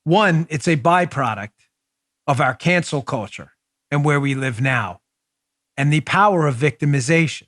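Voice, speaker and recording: A man hosting a political talk show, delivering animated, mocking commentary with big swings in his voice. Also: on the high side, normal speed, dry recording, clean studio sound. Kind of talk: opinionated commentary.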